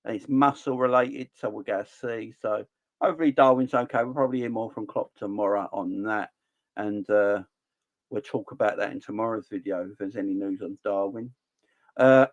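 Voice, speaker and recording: A man's voice: mid-range voice, brisk, muffled recording. A young man hosting a fan livestream in casual, jokey, blunt chat. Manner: animated, jokey, blunt slang. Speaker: fan channel host.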